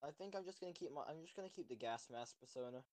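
A man's voice: fairly high pitch, lively intonation, quick pace, a little mellow, dry recording. Teasing, crude podcast co-host man. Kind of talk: casual chat.

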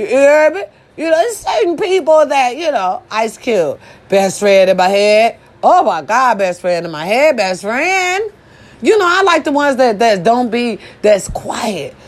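Woman commentator, casual profane rant, very lively pitch. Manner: profane, animated, swings to high squeals. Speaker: social media commentator.

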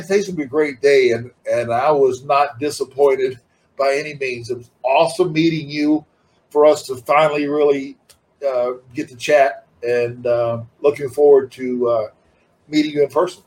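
A man's voice: medium pitch, normal speed, a little mellow, rough recording. A middle-aged man talking casually as an interview guest, rambling and laid-back, with many restarts. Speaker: interview guest, former wrestler.

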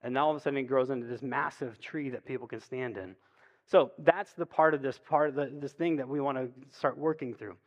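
A man preaching a sermon as pastor, in a relaxed, conversational storytelling way, often checking in with "right?". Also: medium pitch, fairly quick. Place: church sanctuary. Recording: long reverb of a church hall.

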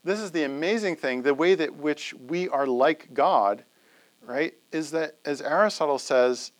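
A man giving a conversational classroom lecture to a live audience, often checking in with "right?". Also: fairly high pitch.

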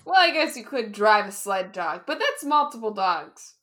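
A woman's voice: mid-range voice, big pitch swings, fairly bright tone. A woman chatting about a book with a friend and making playful jokes. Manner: playful, quick joking asides. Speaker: podcast co-host. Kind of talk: casual book chat.

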